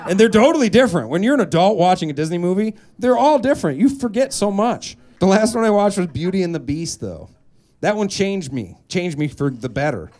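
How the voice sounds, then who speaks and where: Animated high-voiced male stand-up comic. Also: fairly quick. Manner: animated, jumps into high put-on voices for characters. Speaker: stand-up comedian. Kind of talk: stand-up comedy set. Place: comedy club stage. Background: audience laughter.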